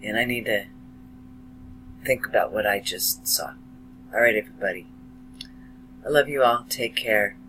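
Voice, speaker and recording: A man slowly and emotionally addressing his viewers in a monologue about his beliefs. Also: fairly low pitch, sharp tone, a little hiss or hum, low-quality recording. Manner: slow, emotional, heartfelt, dramatic pauses. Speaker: video blogger. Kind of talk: slow earnest monologue to camera.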